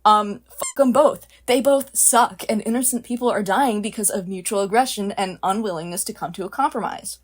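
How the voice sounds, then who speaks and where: A woman's voice: medium pitch, normal speed, hardly any pauses. A young woman vlogger giving blunt, exasperated opinion commentary, swearing freely.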